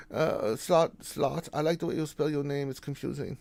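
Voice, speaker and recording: A man hosting a casual gaming livestream, reading out viewer greetings and answering them in a relaxed, chatty way. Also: on the high side, slow pace, no echo. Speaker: game streamer host.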